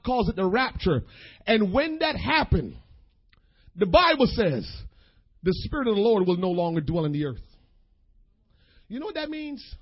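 Impassioned preacher man, husky and high. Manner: impassioned, folksy, addresses the congregation directly. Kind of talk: sermon. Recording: dull lo-fi sermon recording.

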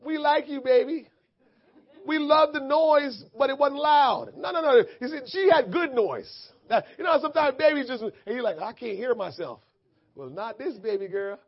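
A man's voice: very high voice, animated, moderate pace, highs cut off. A man preaching a sermon in church, talking casually and then praying with rising fervor. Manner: conversational preaching building to fervent shouted prayer. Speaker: pastor. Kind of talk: sermon and prayer.

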